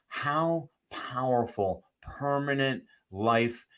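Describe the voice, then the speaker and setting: A middle-aged man, a recovery coach, talking as a guest in an interview, animated and emphatic, laughing often as he tells stories. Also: medium pitch, drawn-out words, smooth. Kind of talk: conversational interview storytelling.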